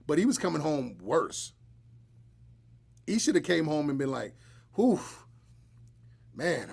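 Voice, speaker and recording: A man hosting a live podcast, chatting casually and bluntly with joking asides. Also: a little high. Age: adult, married. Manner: blunt, joking, animated storytelling. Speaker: podcast host.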